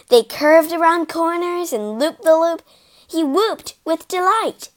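Brief: woman storyteller for kids, slow and lively, high pitched. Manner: expressive, animated narration. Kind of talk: children's storybook reading.

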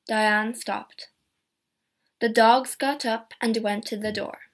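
A woman narrating a simple story in a clear, deliberate reading voice. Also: on the high side, steady tone. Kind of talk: scripted narration of a graded reader.

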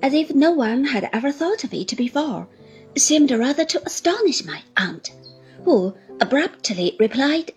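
A woman reading a classic novel aloud in expressive, measured narration. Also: high voice, soft background music, low-quality recording. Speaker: audiobook reader. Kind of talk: scripted narration.

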